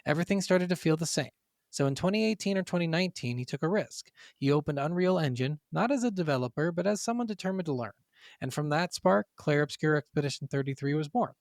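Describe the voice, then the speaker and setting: A man's voice: on the high side, lively intonation, fast, gravelly, no echo, studio quality. A man co-hosting a gaming podcast, reading from notes, then riffing casually with swearing and stumbling over foreign names. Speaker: podcast co-host.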